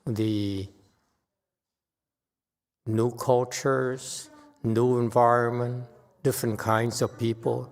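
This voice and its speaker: Slow-talking man lecturing in a hall. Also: fairly low pitch, creaky. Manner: halting, many fillers and restarts, blunt opinions. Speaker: Buddhist teacher giving a Dharma talk. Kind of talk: unscripted Dharma lecture. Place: temple hall. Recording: long hall reverb.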